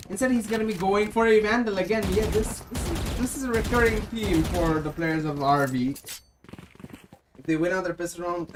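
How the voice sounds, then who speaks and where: An esports caster giving play-by-play commentary, with rapid game calls that rise on big moments and drop low for asides and self-corrections. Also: a little hiss or hum, poor audio. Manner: rapid game calls with excited rises on kills; drops to a low aside when correcting himself.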